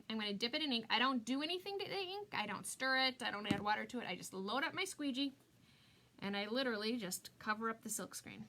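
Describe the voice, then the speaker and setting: A woman's voice: on the high side, pushed and bright. Bubbly woman hosting a live craft demo. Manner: chatty, giggly, greets commenters by name. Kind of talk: live-stream craft tutorial, chatting with viewers.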